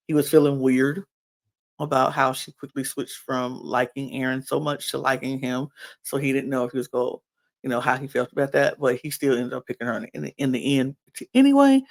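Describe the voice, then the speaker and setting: A woman's voice: rumbling low, creaky. A woman casually recapping a reality show, chatty and rambling with frequent ums and restarts. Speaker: podcast recapper.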